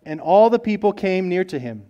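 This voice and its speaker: A man preaching a sermon in a fairly high-pitched voice. He talks earnestly, rising loud on key points and then dropping to quiet, low asides. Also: lively intonation, moderate pace, lo-fi sound. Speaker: pastor.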